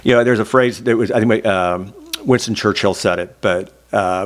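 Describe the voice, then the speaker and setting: Man, middle-aged, low-pitched, from Oklahoma, reflective, anecdotal, self-deprecating. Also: normal speed. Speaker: interview guest, former state senator. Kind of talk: reflective oral history storytelling.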